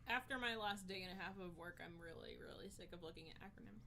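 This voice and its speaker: A woman's voice: lowish voice, quick pace, sharp tone, slight background noise. A woman co-hosting a stream, reading out chat comments and teasing the host dryly. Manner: dry and teasing. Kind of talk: casual chat.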